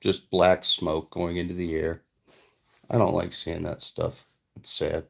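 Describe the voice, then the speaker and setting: A man speaks in a casual vlog, loosely telling a family story with plainspoken, profane asides. His voice sits very low, and it has a rough, crackling fry. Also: level tone, unhurried. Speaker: vlogger and father.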